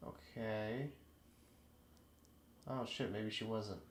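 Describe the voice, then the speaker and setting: A man's voice: on the low side, steady tone, drawn-out words, a little hiss or hum. A young man co-hosting a podcast in casual chat, rambling, laughing often and swearing freely. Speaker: podcast co-host.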